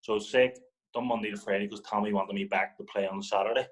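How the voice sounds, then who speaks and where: A young man from Northern Ireland, a football guest, tells a story in casual chat with a lowish voice and fast delivery. He's animated, swears, and acts out what other people said. The recording is low quality.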